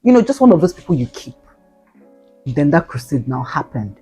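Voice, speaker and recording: Animated woman in her twenties. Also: low voice, normal speed, slightly rough. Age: 20s. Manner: animated, exclaiming, slangy asides to viewers. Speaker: vlogger. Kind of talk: casual storytelling. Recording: faint guitar music behind.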